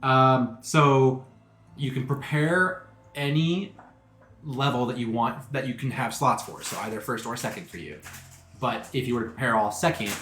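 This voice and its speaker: A man's voice: mid-range voice, moderate pace, a bit bright, echoey room, a little hiss or hum. A man running a tabletop game who chats casually and explains the rules patiently. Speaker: game master.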